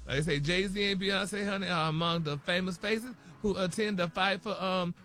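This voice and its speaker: A man's voice: sits high, steady tone, moderate pace, pushed and bright. A man presenting a celebrity gossip segment on a radio morning show, dramatic and peppering every line with "honey" and "y'all". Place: radio studio.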